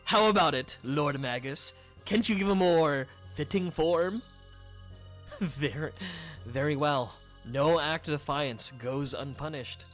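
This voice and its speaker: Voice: mid-range voice, slow, a bit bright, faint music behind, pitched below the performer's own voice. A streamer reading a video game aloud and voicing a cruel, mocking male fiend with theatrical, taunting menace.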